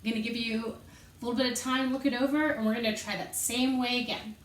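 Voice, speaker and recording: A woman teaches an elementary music lesson in a quick, fairly even, higher-pitched voice, out of breath as she moves and counts rhythm syllables aloud. She is patient and encouraging, and she sounds distant in an echoey room.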